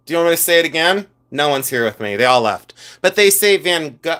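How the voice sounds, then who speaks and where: A man's voice: fairly high pitch, fairly quick. A man hosting a live stream, chatting casually and campily about his jewelry collection and answering viewers' comments. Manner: chatty, campy, animated, talks to viewers' comments. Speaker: podcast host and jewelry collector.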